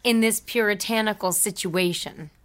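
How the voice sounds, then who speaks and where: A woman's voice: mid-range voice, normal speed. Wry woman in casual chat. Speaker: player.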